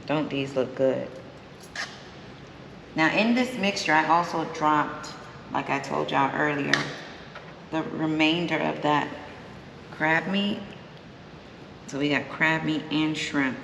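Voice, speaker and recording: A woman's voice: low voice, slow, vocal fry, pauses often, slight background noise. A woman hosting a cooking vlog, chatting casually to her viewers and savoring the food as she goes. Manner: relaxed, chatty, savoring food between lines. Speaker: cooking channel host. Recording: echoey room with long reverb.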